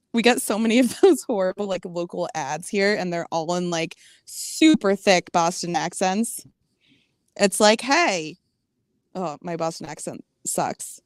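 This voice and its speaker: A woman's voice: fairly low pitch, unhurried, no echo, studio quality. A woman co-hosting a casual livestream chat, giggly and playful, rambling as she talks. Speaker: livestream co-host.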